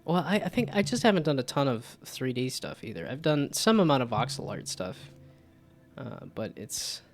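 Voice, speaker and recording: Rambling game-dev streamer, faint music. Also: male voice, mid-range voice, very animated, normal speed. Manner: rambling, self-deprecating, frequent restarts. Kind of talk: casual live-stream chat.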